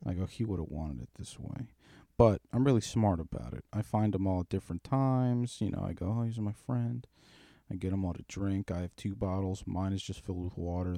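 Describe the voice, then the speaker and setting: A man with a low, mellow voice rambles through a long, profane, darkly joking story in casual chat. The recording is dry and close, with no room sound. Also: vocal fry, no room sound.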